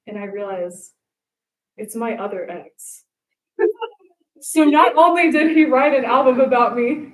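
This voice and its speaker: A young woman performing a stand-up comedy set, telling stories and acting out the lines she quotes. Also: on the high side. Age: young adult. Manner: animated storytelling, acts out quotes. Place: live comedy show stage. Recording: echoey live venue.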